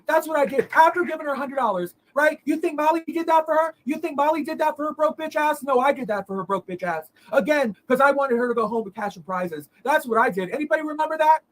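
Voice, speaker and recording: A woman's voice: high voice, low-quality recording. A woman doing an impression of a brash, foul-mouthed woman streamer, ranting at her audience with repeated rhetorical questions. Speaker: host.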